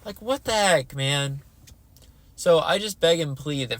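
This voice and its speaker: A man's voice: on the high side, expressive, a little slow, fairly bright tone, dry recording. Rambling young man ranting. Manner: rambling, exasperated, heavy use of "like". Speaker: podcast host. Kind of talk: casual solo podcast rant.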